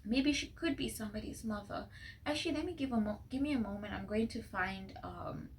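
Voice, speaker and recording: A young woman in a relaxed pick-a-card tarot reading, speaking earnestly at a middle pitch and now and then slipping into a whisper. She records on a phone mic, with a faint hiss under her voice. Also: a little fast, poor audio. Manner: earnest, drifting into soft whispered asides. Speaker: tarot reader. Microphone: phone microphone.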